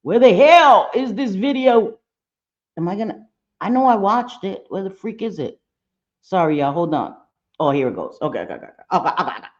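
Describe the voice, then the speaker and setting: A woman's voice: fairly low pitch, animated, fast, muffled recording. Blunt, foul-mouthed woman streaming live. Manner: blunt, profane, talks straight to chat. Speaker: livestream commentator. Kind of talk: casual livestream reaction chat.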